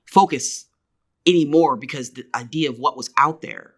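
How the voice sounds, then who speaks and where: A woman of about forty with a low, rumbling voice speaks at a moderate pace. She owns a business and is a guest on a podcast interview, recounting her story and performing the voices of the people she quotes.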